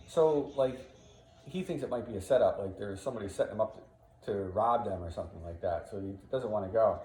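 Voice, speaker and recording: A man's voice: on the low side, fairly quick, a little mellow, slight background noise. Guy teaching a play, chatty, lots of "right?", echoey room. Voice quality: casual, frequent "right?" asides. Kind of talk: explaining and reading a play aloud. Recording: echoey room, faint ambience.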